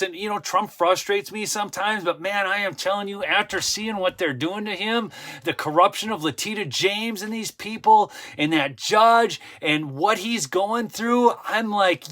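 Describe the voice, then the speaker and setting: Male livestream host, emphatic ranter with a bright, slightly high voice; casual commentary full of asides. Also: moderate pace. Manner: ranting, emphatic, repeats for effect; frequent "okay?" asides and self-interruptions.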